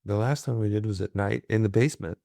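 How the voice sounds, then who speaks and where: A man's voice: lowish voice, fast, vocal fry, warm tone, no echo. A man in a casual chat with his wife, asking her questions, with dry, understated humor and few words. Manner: dry, understated, reluctant talker. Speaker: guest interviewer, host's husband.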